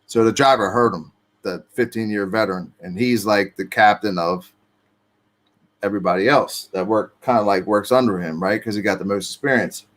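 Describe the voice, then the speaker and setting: A man with a lowish voice tells his own story at a moderate pace in casual street slang. He swears freely and acts out the things people said.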